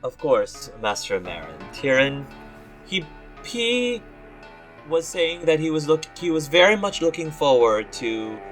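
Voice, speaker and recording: A man voicing an obsequious male retainer who speaks in a smooth, placating way. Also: a little high, big pitch swings, unhurried, a bit bright, faint music behind, pitched above the performer's own voice.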